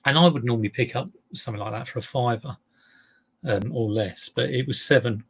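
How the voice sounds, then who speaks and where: A man talks through his latest finds in a loose live-stream chat. His voice has a gravelly, creaky edge at a middling pitch. He rambles, wanders off topic and pokes fun at himself. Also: fairly quick, a little hiss or hum. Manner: chatty, rambling, self-deprecating.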